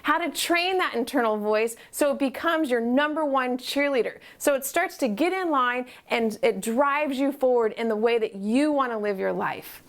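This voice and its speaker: A woman's voice: high-pitched, lively intonation, moderate pace, hardly any pauses. A woman life coach giving an upbeat, encouraging talk to camera, often asking the viewer questions. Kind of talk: motivational promo talk to camera.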